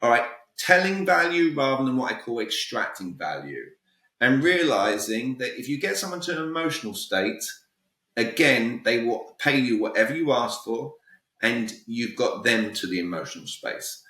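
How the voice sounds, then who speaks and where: Man, British accent, bright forceful tone, direct and emphatic, roomy echo, a bit off-mic. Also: mid-range voice, sing-song, normal speed, distant mic. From Britain. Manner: direct, emphatic, peppers talk with "all right?". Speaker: guest communication coach. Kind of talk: podcast interview, coaching advice.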